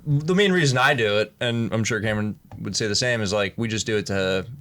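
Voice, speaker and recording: A young man, a guest on a podcast, speaking in a friendly, easygoing way. His voice sits on the low side. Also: a little fast, fairly bright tone. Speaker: guest, restaurant owner. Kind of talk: casual chat.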